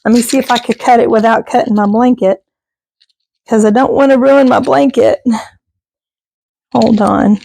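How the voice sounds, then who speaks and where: A woman's voice: a little high, steady tone, normal speed, creaky, pauses often, mellow. A middle-aged woman, chatting casually to her viewers as a vlogger, rambling and laughing often. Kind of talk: casual chat.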